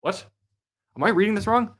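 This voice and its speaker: With a high, fairly bright voice and a slightly fast pace, a young man from Canada runs a casual live stream. He chats cheerfully and reads viewer comments aloud.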